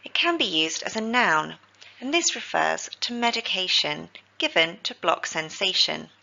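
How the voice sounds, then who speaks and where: A woman, teaching healthcare vocabulary in a scripted lesson, with slow, careful pronunciation drills. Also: lowish voice, lively intonation, gravelly, bright, forceful tone, dull audio, slight background noise.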